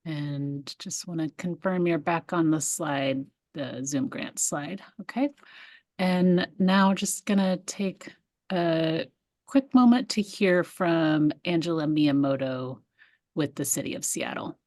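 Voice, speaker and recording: A woman's voice: low-pitched, takes it slowly, a little mellow, dry recording, clean studio sound. A woman facilitating an online meeting, handing over between speakers in a casual, procedural way. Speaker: session facilitator.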